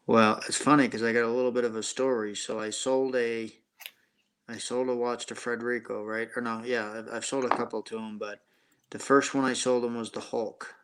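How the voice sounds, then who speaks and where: A man's voice: mid-range voice, flat delivery, fairly quick, fairly bright tone, slight background noise. A man hosting a casual live stream about watches, chatting and telling a rambling story. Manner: rambling storyteller, reads chat names.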